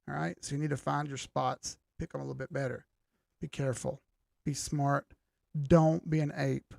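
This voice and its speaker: A man with a mid-range, darkish voice and vocal fry hosts a live chart analysis stream. He's loose and joking as he reads chat, though his voice is strained and starting to crack. The audio is studio quality with no echo.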